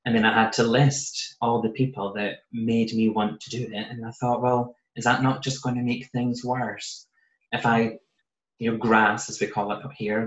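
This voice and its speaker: A British man quietly telling a personal story in a casual podcast chat, often voicing what he said and thought back then. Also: lowish voice. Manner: soft-spoken, recounting with quoted asides. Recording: roomy, slightly muffled podcast audio.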